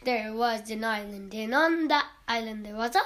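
A woman hosting a children's story show, introducing tonight's story in a gentle, inviting way. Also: on the high side, moderate pace. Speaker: host.

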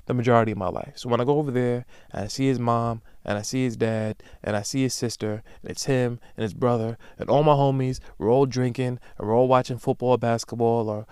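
Smooth-voiced man ranting on a podcast. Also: mid-range voice, a little fast, few pauses, no echo, studio quality. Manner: emphatic, profane, with loud animated bursts. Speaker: podcast host. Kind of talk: solo comedic podcast rant.

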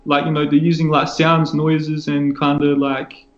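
Young aussie guy rapping on a radio show, kinda hesitant, higher voice, echoey dull line. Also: little pitch movement, unhurried. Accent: Australian. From Australia. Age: young adult. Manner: hesitant, many fillers in talk. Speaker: guest rapper.

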